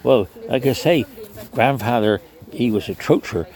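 A man's voice: medium pitch, measured pace, darkish tone. An older man with a Cornish accent telling rambling stories in an interview, chatty and salty, often restarting. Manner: chatty, restarts, mild swearing. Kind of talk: rambling storytelling.

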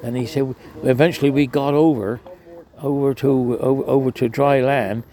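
A man's voice: mid-range voice, fairly even intonation, moderate pace, dark tone. An older man with a Cornish accent telling rambling stories in an interview, chatty and salty, often restarting. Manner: chatty, restarts, mild swearing. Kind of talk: rambling storytelling.

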